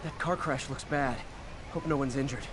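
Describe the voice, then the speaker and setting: A man voicing a young male superhero in a video game, talking quietly and matter-of-factly to himself. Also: mid-range voice, normal speed, noisy background, lightly acted. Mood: concerned.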